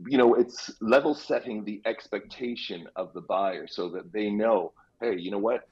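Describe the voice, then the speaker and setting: A man speaking as a real estate guest on a radio interview, explaining things in an easygoing way with quick asides. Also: fairly low pitch, darkish tone, slightly rough. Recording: dull lo-fi line.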